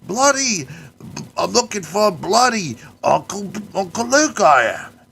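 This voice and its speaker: A man's voice: big pitch swings, a little slow, gravelly, a little hiss or hum, exaggerated voice. A man voicing an exaggerated Australian caricature of a man hunting for his cousin, with a put-on Australian accent. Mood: mocking. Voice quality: loud and high, drawling. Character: bumbling male Australian caricature searching for a relative.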